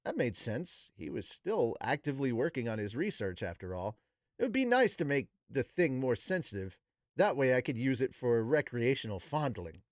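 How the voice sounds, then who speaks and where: Man reading a novel aloud with profane asides, lively pitch, dry close mic. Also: normal speed, no room sound. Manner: animated, profane, laughing asides. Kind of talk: book reading with casual commentary.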